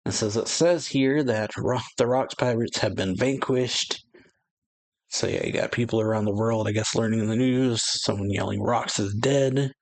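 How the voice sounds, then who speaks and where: A man's voice: on the low side, normal speed, gravelly, no echo, poor audio. A man hosting an anime reaction channel, reading through manga pages in a casual, rambling way with frequent chuckles and filler words.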